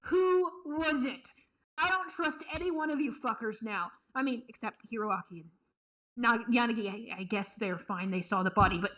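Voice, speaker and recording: A woman streamer reacting to a fan game, loud and swearing, swinging between shouting and near tears. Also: fairly high pitch, normal speed. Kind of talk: emotional reaction commentary.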